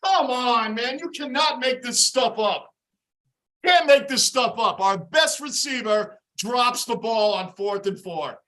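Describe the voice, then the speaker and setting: Frustrated male fan host, bright tense voice, shouted live play-calling rants. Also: very high-pitched, expressive, takes it slowly. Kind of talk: live fan reaction commentary.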